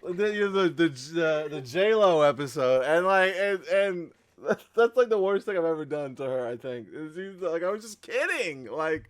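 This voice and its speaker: A man co-hosting a casual gaming podcast, animated and laughing, often tripping over his words. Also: on the high side, normal speed, few pauses. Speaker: podcast co-host. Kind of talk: casual chat.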